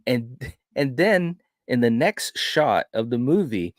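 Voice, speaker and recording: A man hosting a film review podcast, retelling a horror movie in an animated, casual way with frequent restarts. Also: mid-range voice, slow, dry recording, clean studio sound. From grew up in a city. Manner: animated storyteller, frequent restarts and "you know".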